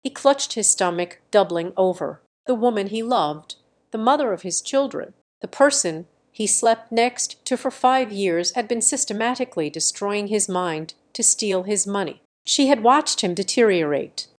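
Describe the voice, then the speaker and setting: A woman with a mid-range voice narrates a dramatic family story. Her reading is steady and scripted, carrying the tension without big swings. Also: medium pitch, moderate pace.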